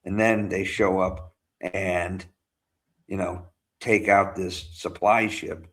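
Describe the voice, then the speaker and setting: A man's voice: low voice, flat delivery, takes it slowly, fairly bright tone. A man co-hosting a podcast, recapping scenes casually with lots of fillers and quoted voices. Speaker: podcast co-host. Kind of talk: casual chat.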